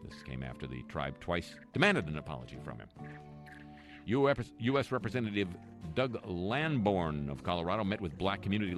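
Host, male, very low voice, sardonic news commentary with dry asides, music underneath. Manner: dry, sarcastic asides between read-out news items. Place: home near a lake, voice-over.

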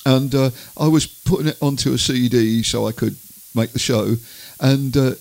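A middle-aged man hosts a music show in a loose, rambling chat full of fillers and side remarks. His voice has a gravelly fry at mid pitch. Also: moderate pace, darkish tone. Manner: rambling, many "uh" fillers and asides. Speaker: radio music show host. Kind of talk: casual chatty storytelling.

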